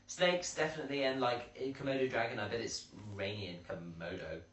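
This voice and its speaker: A man's voice: mid-range voice, sing-song, a little fast, a bit bright, distant mic, slight background noise. Man, roomy and off-mic. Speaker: podcast co-host. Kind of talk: casual chat. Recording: roomy sound, set back from the mic.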